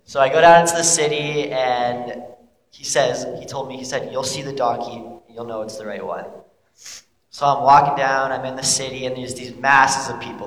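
A young man plays an earnest young disciple who rambles casually through his story, every other phrase padded with "like". His medium-pitched voice rings out in a roomy hall with a long, trailing reverb. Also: a bit bright, lightly acted. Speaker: actor playing a biblical disciple. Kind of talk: monologue, casual modern retelling.

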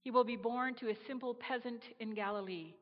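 Brief: a woman doing a calm, loving female God, soft and hushed, with a long echo and dull sound. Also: fairly quick, lightly acted. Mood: gentle. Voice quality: soft and low-toned, quietly reassuring.

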